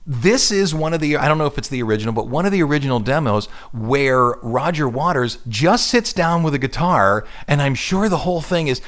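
A middle-aged man hosting a radio show, chatting casually about music. His pitch rises and falls in wide, lively swings, and he talks in an animated, easygoing way. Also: a little fast, hardly any pauses. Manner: animated, hums and imitates instrument sounds while explaining.

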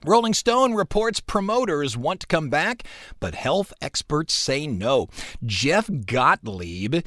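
A man's voice: on the high side, fairly bright tone, no echo, studio quality. A middle-aged man hosting a radio show, chatting casually and telling stories with sound effects and mock indignation. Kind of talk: casual on-air chat.

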